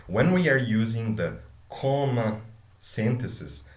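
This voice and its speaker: A man's voice: medium pitch, sing-song, takes it slowly. A man, teaching an English grammar lesson. He explains with examples and often checks in with "okay?". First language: Portuguese. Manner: explains with examples, asks okay after each point. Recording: echoey room.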